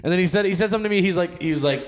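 A man co-hosting a podcast, telling stories in animated, laughing banter on a handheld mic. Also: high-pitched, racing. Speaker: podcast co-host. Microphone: handheld mic on stand.

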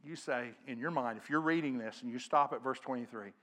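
A middle-aged man preaching a sermon as pastor, earnest, growing louder when he quotes scripture. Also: medium pitch, fairly quick, hardly any pauses. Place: church sanctuary.

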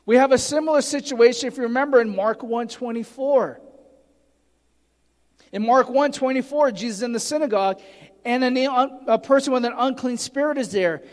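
A man's voice: very high-pitched, moderate pace, darkish tone, big-room sound. A man preaching a sermon, earnestly teaching and reading scripture aloud with emphasis. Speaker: pastor.

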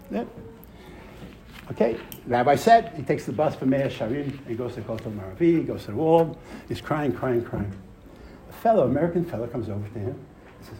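A man giving a Torah class to a live audience, telling a story with lively emphasis, repeating phrases and using Hebrew terms. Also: medium pitch, brisk, slight background noise, rough recording.

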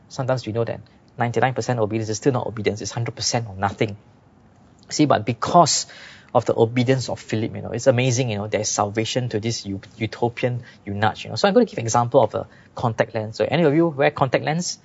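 A man's voice: medium pitch, fast, creaky, slightly rough, dull audio. A man preaching a sermon in a chatty, conversational way, often dropping "you know".

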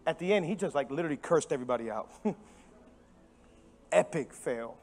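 Man, pastor, high voice, church sermon, animated, emphatic repetition, sudden hushed drops, soft music behind. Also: brisk. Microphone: microphone.

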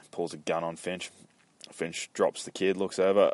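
Deep-voiced guy retelling a comic. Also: flat delivery, normal speed, a little mellow, no echo. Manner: profane, loose and rambling. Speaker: comic book reviewer.

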